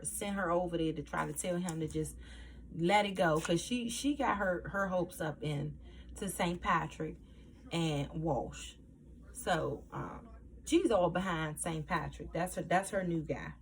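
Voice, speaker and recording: A woman's voice: fairly low pitch, a little hiss or hum. A woman recapping a TV episode in casual chat, acting out the characters' lines as she goes. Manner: animated, acts out quoted lines in a raised voice. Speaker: TV episode reviewer.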